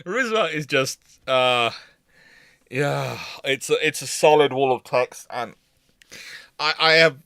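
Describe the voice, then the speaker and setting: A man's voice: mid-range voice, fairly even intonation, slow, creaky, long pauses, a bit bright, clean tone, no room sound, studio quality. A man presenting naval history in a casual lecture, rambling and correcting himself as he goes. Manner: rambling, self-correcting, chuckling.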